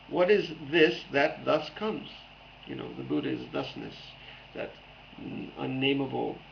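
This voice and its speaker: A man's voice: medium pitch, vocal fry, highs cut off, a little hiss or hum. A man giving a playful dharma talk as a Zen teacher, repeating phrases back and forth.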